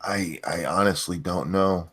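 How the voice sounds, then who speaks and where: A man's voice: low-pitched, measured pace, a bit bright, breathy edge. A man co-hosting a casual live-streamed chat, tired and just woken up, trading drowsy joking banter. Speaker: podcast co-host.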